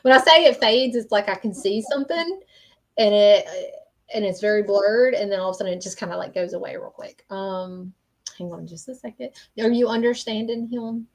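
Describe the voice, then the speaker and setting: A woman giving a live-stream spirit reading as a medium. She talks earnestly, in a mid-range voice, and keeps pausing for "okay?" and "um" as she relays messages. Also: medium pitch. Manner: earnest, repeats "okay?" to check in, frequent ums.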